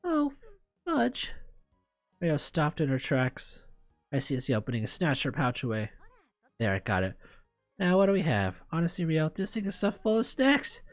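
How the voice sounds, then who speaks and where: Deep-voiced woman streamer, animated reads, playful and crude asides, quiet music bed. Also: moderate pace, dry recording. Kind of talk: reading a visual novel aloud.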